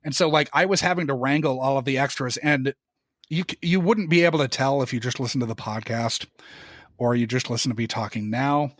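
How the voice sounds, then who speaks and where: A young man telling work stories in a casual podcast chat, animated and profane, his voice jumping up when exasperated. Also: mid-range voice, fairly quick, dry recording, studio quality. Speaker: podcast guest.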